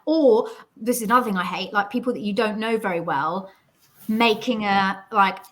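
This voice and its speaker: A woman's voice: mid-range voice, normal speed. A woman from England chatting casually as a guest, telling stories and acting out what other people said. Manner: chatty, animated storyteller who acts out other people's lines. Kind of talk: casual chat about mental health.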